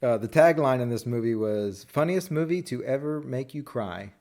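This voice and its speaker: A man's voice: mid-range voice, animated, moderate pace, darkish tone. A man co-hosting a podcast in casual chat, rambling through stories and reading movie quotes aloud. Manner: rambling, restarts often, reads movie quotes. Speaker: podcast co-host.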